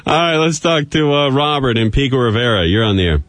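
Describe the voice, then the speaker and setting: A man hosting a call-in radio talk show, taking callers briskly and trading dry wisecracks. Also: mid-range voice, animated, a bit bright. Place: radio studio. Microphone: studio microphone.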